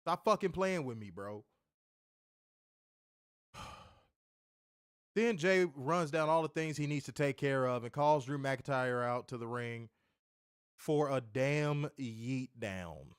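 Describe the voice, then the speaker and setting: A man's voice: mid-range voice, slow pace, long pauses, clean tone, dry recording, studio quality. A man reviewing a wrestling show in casual chat, ranting animatedly and swearing often.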